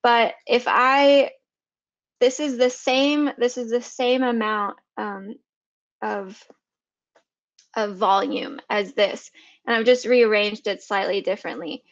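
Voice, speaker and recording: A woman's voice: mid-range voice, no echo, muffled recording. A woman giving a casual design tutorial, chatty and full of fillers and restarts. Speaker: motion designer. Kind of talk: casual screen-share tutorial.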